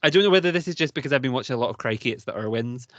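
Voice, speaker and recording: A man's voice: mid-range voice, expressive, very fast, dry recording, lo-fi sound. A British man co-hosting a podcast, talking in an enthusiastic, rambling way and laughing often. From United Kingdom. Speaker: podcast co-host. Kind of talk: casual chat.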